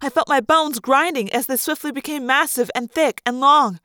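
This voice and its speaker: A woman reads a first-person story aloud, acting out the scenes with feeling. Her voice is high, and the sound is dry and close with no room echo. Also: normal speed, hardly any pauses, bright, forceful tone. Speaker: audiobook reader.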